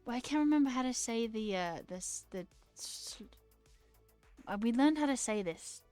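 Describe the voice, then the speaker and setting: A woman's voice: a little high, lively intonation, moderate pace, warm tone, clear, resonant tone, no room sound, faint music behind. A woman streamer in a casual, rambling live-stream chat, talking playfully with her viewers and answering their comments.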